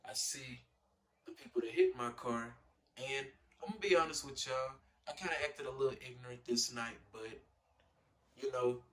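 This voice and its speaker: A young man tells a personal story in a casual vlog, in a middle-pitched voice. He talks in an animated way, full of fillers, and acts out the quotes. The voice sounds a little distant from the mic. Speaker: vlogger.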